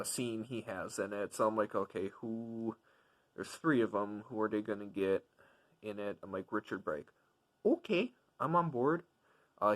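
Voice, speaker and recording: A man's voice: lowish voice, fairly bright tone, low-quality recording. Rambling male movie reviewer. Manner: rambling, filler-heavy, enthusiastic. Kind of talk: casual spoken film review.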